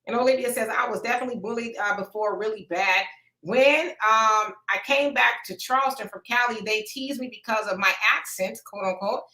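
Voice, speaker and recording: A woman with a bright, high-set voice hosts a relaxed live chat. She reads comments aloud in a folksy manner and laughs easily. Her voice rings in an echoey room. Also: fairly quick. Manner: laid-back, folksy, laughs often. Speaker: host reading viewer comments. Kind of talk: casual live-stream chat.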